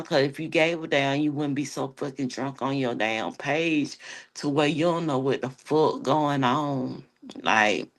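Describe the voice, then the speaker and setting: Woman, livestream host, casual gossip, profane, teasing, low voice, lively swooping pitch. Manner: animated, profane, teasing, calls viewers baby and honey.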